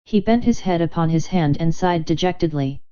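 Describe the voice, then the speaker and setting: A woman narrates an audiobook in an even, measured way. Her voice is low, mellow and smooth. The recording sounds dull and lo-fi.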